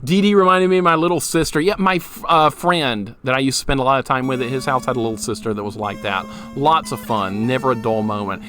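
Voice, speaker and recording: A man's voice: medium pitch, fairly even intonation, fast talker, hardly any pauses. A man in his thirties streaming a retro game, chatting and laughing with viewers while he plays, swearing casually. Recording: game music playing loudly beneath the voice. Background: retro game music.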